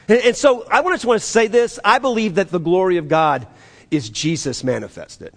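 In his sermon, a pastor speaks in a high voice at a normal speed, animated as he acts out quoted voices and sends his pitch sharply up and down.

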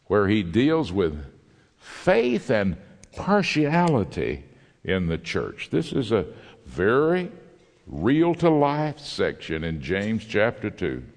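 Guest preacher, male, low and animated, folksy storyteller; hall reverb. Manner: folksy storyteller, lively delivery with a joke. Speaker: guest Bible teacher. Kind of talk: sermon with humorous story.

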